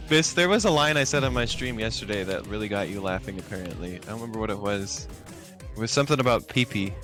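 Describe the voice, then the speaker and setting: Young woman co-streamer, playful and easygoing, pitch jumps all over, quiet game music under it. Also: moderate pace. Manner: laughs often, relaxed and playful. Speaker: co-host. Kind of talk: casual chat while gaming.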